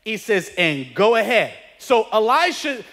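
Guy pastor preaching, really high voice, big echoey church hall. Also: a little slow. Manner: animated preaching, shouting at peaks. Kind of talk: sermon. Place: church sanctuary.

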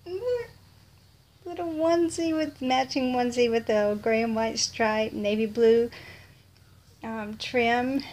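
Unboxing baby clothes on her casual vlog, this woman with a Texan accent gushes breathlessly and keeps dropping to a whisper. Her voice sits on the high side and is a little mellow, with a touch of background noise.

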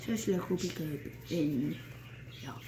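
A young woman with a deep voice and measured pace vlogs casually at home as she cleans a rabbit cage. She rambles and playfully scolds her pets. Loud background noise fills the recording.

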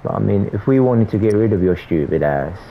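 A man's voice: fairly low pitch, lively intonation, fairly quick, vocal fry, narrow, tinny audio, slight background noise. Angry young London man trash-talking. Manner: aggressive, swearing, repeats "you know what I'm saying". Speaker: gamer on voice chat. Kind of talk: heated trash talk over game chat.

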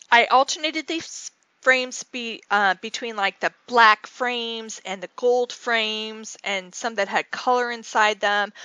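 A woman's voice: on the high side, bright, forceful tone, no room sound. A woman talking casually as she shows her scrapbook page, rambling through a story with lots of fillers and restarts. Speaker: scrapbooking channel host. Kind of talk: casual storytelling and craft tutorial.

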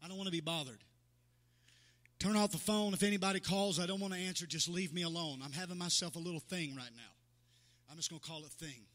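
Speaking fast in a high, fairly bright register, a male pastor preaches to his congregation in a large church sanctuary. As his intensity builds, he imitates the people he quotes and calls on members by name.

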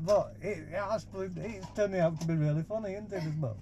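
Inside a caravan, a man reads a picture book aloud to a baby, breaking off now and then for playful, teasing asides. His voice is high-pitched and fast with hardly any pauses, and crowd noise is audible on the 360 VR camera recording.

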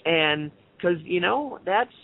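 A man's voice: high-pitched, lively intonation, slow. A man hosting a spiritual call-in radio show, chatting in a loose, rambling way full of asides. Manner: rambling, loose, many fillers and musing asides. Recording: tinny phone line.

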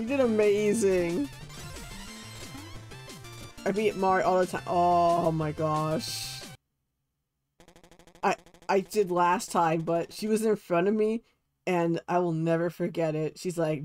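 A man's voice: sits high, takes it slowly, pauses often, darkish tone, faint music behind. A young man streaming a video game and chatting with his viewers, bubbly and giggly. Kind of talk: casual gaming stream chat.

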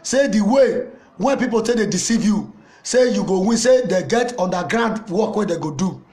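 A man with a Nigerian accent playing a loud, mocking older Nigerian mama in a comedy skit, scolding and teasing someone. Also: sits high, animated, normal speed. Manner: taunting, scolding, laughing at the listener.

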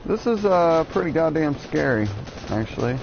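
A man's voice: on the high side, sing-song, moderate pace, darkish tone, muffled recording, faint music behind. A man giving jokey, rambling commentary while playing a video game, cursing often and drifting into absurd tangents. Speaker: let's play gamer.

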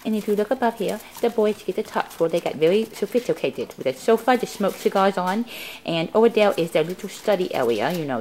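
Woman cooing at pets in swooping tones. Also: slight background noise. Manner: cooing baby talk to her pets, with big jumps in pitch. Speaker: guinea pig owner showing her pets. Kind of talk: casual home video tour. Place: indoors at home.

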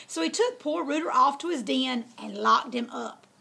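A woman's voice: sits high, lively intonation, normal speed, vocal fry, sharp tone, breathy edge. A woman reading a children's story aloud in a folksy, drawling way.

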